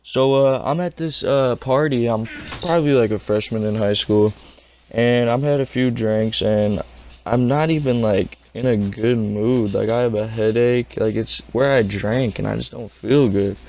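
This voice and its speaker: A man's voice: mid-range voice, a little slow, darkish tone, slight background noise. A young man casually telling a rambling, slangy story. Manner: rambling, slangy, laid-back.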